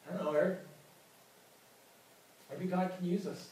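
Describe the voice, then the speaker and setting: Recorded from afar in a big, heavily echoing church hall with slight background noise, a man preaches as pastor with earnest repetition. His voice sits high with a darkish tone, fairly even intonation and normal speed.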